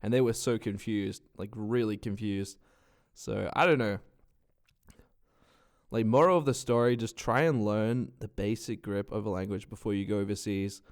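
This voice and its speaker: Young aussie dude vlogging with a blocked nose, lowish voice, swearing and rambling. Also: male voice, normal speed. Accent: Australian. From Australia. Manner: swears a lot, rambling and animated. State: stuffed nose from a cold. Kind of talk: casual storytelling vlog.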